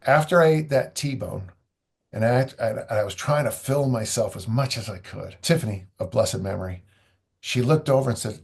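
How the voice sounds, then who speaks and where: A man's voice: mid-range voice, moderate pace, vocal fry, a little mellow, breathy edge. A man, a strength coach guest, talking in a loose, rambling way with dry humor. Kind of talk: conversational interview.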